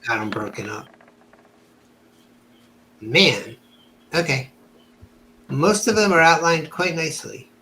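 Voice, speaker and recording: A man running a tabletop game as game master, pausing often while he sorts out the rolls. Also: fairly high pitch, very animated, sharp tone, a little hiss or hum, rough recording.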